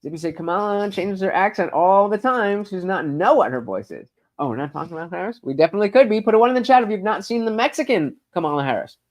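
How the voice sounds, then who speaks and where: Talking fast in a high, animated voice, a streamer reads his live chat aloud. He rambles, swears, and stumbles through lots of stammered fillers in this casual livestream.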